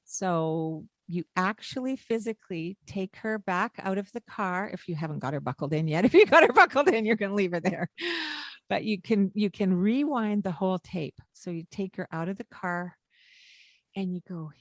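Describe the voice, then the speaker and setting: A woman's voice: mid-range voice, expressive, normal speed, dry recording, clean studio sound. A woman co-hosting a parenting podcast, coaching in a casual chat and acting out what to say to a child. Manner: warm, coaching tone with acted-out lines to a child.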